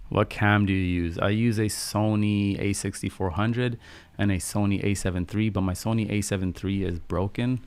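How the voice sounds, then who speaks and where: Young male streamer, very low pitch, calm unhurried delivery, dry room. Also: smooth, no echo. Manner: calm, soft-spoken, unhurried. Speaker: podcast host on a live stream. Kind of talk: casual live-stream chat, answering viewer questions.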